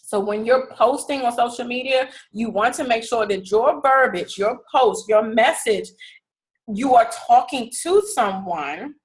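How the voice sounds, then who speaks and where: A woman's voice: a little high, measured pace, low-quality recording. A woman coaching her team in a casual, direct way, often stopping to ask "okay?". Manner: casual, direct, repeats "okay?" to check understanding. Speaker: fitness business team leader.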